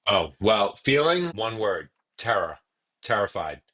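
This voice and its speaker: A man telling his personal story as a podcast guest, earnest and halting, with frequent restarts. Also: fairly low pitch, big pitch swings, fairly bright tone.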